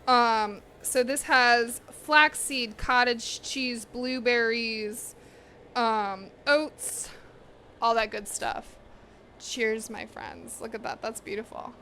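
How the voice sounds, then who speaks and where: A woman's voice: on the high side, steady tone, takes it slowly, sharp tone, slight background noise. A woman hosting a cooking live stream, chatting casually and bluntly with viewers while she eats, swearing freely and sometimes talking with her mouth full. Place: home kitchen.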